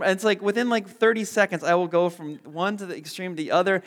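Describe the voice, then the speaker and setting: A man's voice: sits high, fairly quick, hardly any pauses, a bit bright. A man in his thirties preaching a casual sermon as pastor, rambling with self-deprecating humor and lots of fillers. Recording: long hall reverb.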